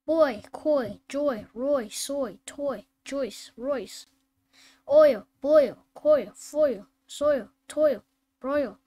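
A woman reading phonics drills and simple sentences aloud, slow and deliberate, word by word. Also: sits high, mellow. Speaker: phonics teacher.

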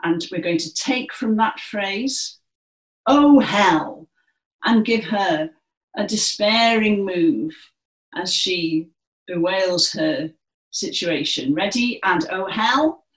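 Slow, encouraging woman leading a class. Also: lowish voice. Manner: encouraging, projecting theatrical delivery. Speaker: dance session leader. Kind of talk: guided movement class instruction. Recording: echoey room.

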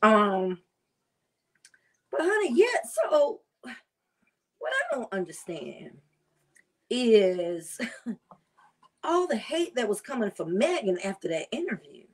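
A woman food vlogger chatting casually while she prepares and tastes seafood, savoring and drawn-out in her talk. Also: fairly high pitch, sing-song. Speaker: cooking vlogger. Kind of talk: casual chat while cooking.

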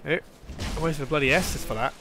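Jumpy, high-pitched gaming commentator man. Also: fast talker, over music. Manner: excitable, jumpy, swears and squeals when scared. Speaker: gaming YouTuber. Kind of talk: let's play commentary.

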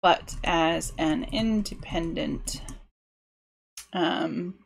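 Unhurried woman, lowish voice, casual livestream, thinks aloud with many restarts. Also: creaky, breathy edge. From United Kingdom. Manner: rambling, self-interrupting, musing aloud. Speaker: streamer building a game world.

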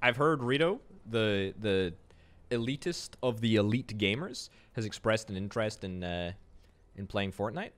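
Gaming on a casual livestream, this man from Scotland speaks in a fairly low, expressive voice with a Scottish accent. He's chatty, tossing off quick jokes in answer to his viewers' messages.

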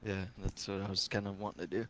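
A man's voice: low-pitched, level tone, quick pace, background noise. A young man playing in a tabletop game, talking in a laid-back, casual way. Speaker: player.

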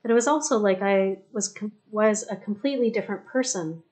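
A woman's voice: medium pitch, fairly quick, darkish tone, natural voice. A woman narrating an audiobook voices a frank, wistful teenage girl. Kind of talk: audiobook character reading.

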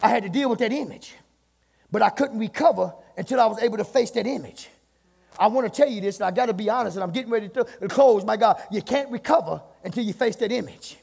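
High, gravelly preacher man. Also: quick pace. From United States. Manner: preaching, repeating phrases, rising to shouts. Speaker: pastor. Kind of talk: sermon. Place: church sanctuary. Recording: church sermon with hall reverb.

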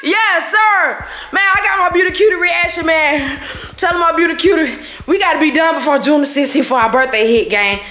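A woman vlogger, out of breath, excitedly hyping her viewers in slangy talk. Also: very high voice, moderate pace, few pauses, reverberant. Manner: hyped, slangy, shouting to viewers. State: out of breath, sweating. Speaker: vlogger pulling a prank. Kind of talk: excited vlog outro.

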